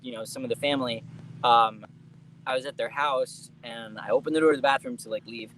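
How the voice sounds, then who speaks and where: A man's voice: medium pitch, steady tone, fairly quick, a bit bright, a little hiss or hum, rough recording. A young adult man telling family stories as an interview guest, chatty and laughing often, with casual swearing.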